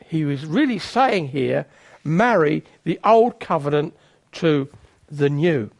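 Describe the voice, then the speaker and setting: A man's voice: on the high side, expressive, slow, gravelly. A man preaching a sermon in a conversational way, with teasing, self-mocking asides.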